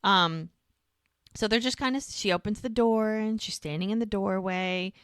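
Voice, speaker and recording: A woman's voice: mid-range voice, normal speed, fairly bright tone, smooth, dry recording, clean studio sound. A woman co-hosting a podcast, casually recapping scenes and acting out the characters' lines. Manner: retells scenes acting out both sides in quotes. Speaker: podcast co-host.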